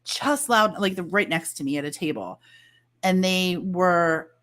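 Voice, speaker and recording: A woman guest telling a story in casual chat, animated and acting out the lines of others. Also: lowish voice, a little slow. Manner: animated, acts out quoted dialogue.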